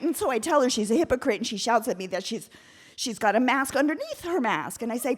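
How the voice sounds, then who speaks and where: A woman from Oakland tells a comic personal story live on stage. Her voice sits high, and her delivery is candid and wry. She gets more animated as the story builds. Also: brisk. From Oakland, United States.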